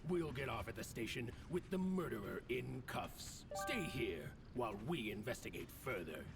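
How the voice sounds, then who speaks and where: An actor playing a pompous male crow agent leader with a booming movie-trailer voice, giving commands in a game. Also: big pitch swings, normal speed, gravelly, over music. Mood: commanding. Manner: commanding, announcing.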